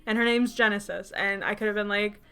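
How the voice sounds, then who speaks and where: A woman's voice: medium pitch, steady tone, fairly quick, pushed and bright, smooth. A woman in her twenties reading her old writing aloud, breaking off for laughing, mocking and sarcastic asides. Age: 20s. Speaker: YouTuber.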